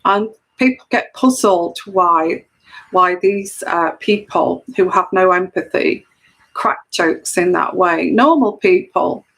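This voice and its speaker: A woman speaking slowly in an unhurried, middle-pitched voice. She works as an intuitive tarot reader and talks straight to camera in an earnest, explanatory way, circling back and repeating phrases to drive her point home. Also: fairly bright tone, slightly rough, poor audio. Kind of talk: solo camera monologue of personal commentary.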